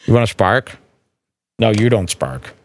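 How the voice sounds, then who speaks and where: A man hosting a comedy podcast, mocking a stand-up clip with sarcastic commentary and sudden loud impressions. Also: lowish voice, animated, measured pace, slight background noise. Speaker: podcast host.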